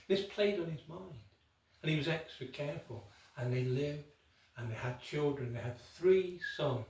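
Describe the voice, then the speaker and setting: A man telling a folk tale aloud, unhurried, with dramatic pauses and asides to the listener. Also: medium pitch. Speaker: storyteller. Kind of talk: oral folk tale storytelling. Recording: echoey room, from far off.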